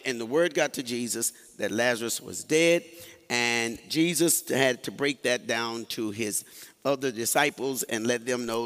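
A man's voice: mid-range voice, a bit bright. Man preaching in a reverberant church. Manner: folksy, joking asides, call-and-response with congregation. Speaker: pastor. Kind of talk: sermon. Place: church sanctuary. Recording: long hall reverb.

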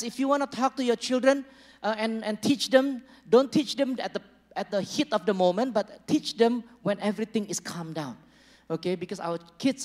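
A man preaching a sermon as a pastor, conversational and joking with the congregation, acting out small dialogues. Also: high voice. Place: church hall. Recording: long reverb of a large church hall.

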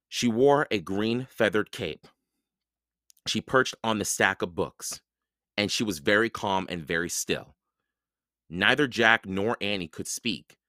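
Man reading a kids' book aloud, slow pace, bright lively voice, expressive storytelling. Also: sits low, no echo, clean studio sound. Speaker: podcast host and reader. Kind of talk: children's book read-aloud.

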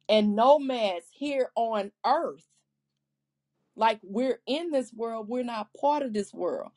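Slow, earnest woman discussing scripture. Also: on the high side, a little mellow. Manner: earnest, talks in halting restarts, quotes scripture. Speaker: podcast co-host. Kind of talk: casual faith discussion.

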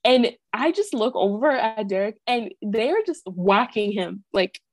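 A woman's voice: medium pitch, animated, unhurried, dry recording. Chatty young woman, dry close sound. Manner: chatty storyteller, heavy use of "like", acts out quotes. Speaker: podcast co-host. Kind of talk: casual chat.

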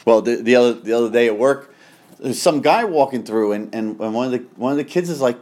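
A man's voice: medium pitch, fairly quick, darkish tone. A man co-hosting a podcast, telling stories in a blunt, assertive way in casual chat. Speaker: podcast co-host.

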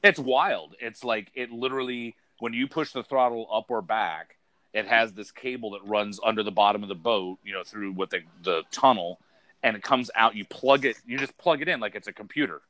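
A man in a casual chat, telling an animated story full of fillers and the word dude. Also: fairly low pitch, normal speed, no room sound.

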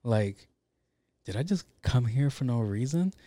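Young male host, casual profane storyteller, mellow dark tone, dry close sound. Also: medium pitch, animated, unhurried, dry recording. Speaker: podcast host.

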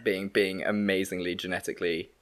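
A man's voice: low voice, level tone, brisk, fairly bright tone. Brit male co-host, sarcastic banter, swears a lot. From United Kingdom. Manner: joking, sarcastic, swears freely. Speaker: podcast co-host. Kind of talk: casual chat.

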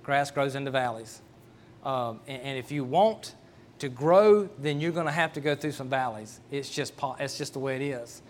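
A man's voice: mid-range voice, moderate pace. A middle-aged man, preaching a sermon in a folksy, storytelling way and often restarting his words. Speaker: pastor.

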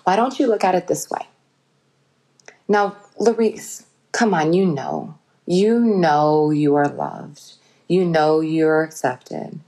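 A woman voicing a tender, loving inner voice that speaks softly and calmly to reassure. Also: low voice, voice pushed down. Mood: soothing. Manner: soft, slow, soothing.

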